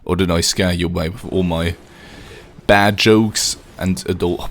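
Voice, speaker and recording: A man's voice: sits low, fairly even intonation, a little slow. A young man live-streaming a game, chatting casually with viewers, joking, swearing and laughing often.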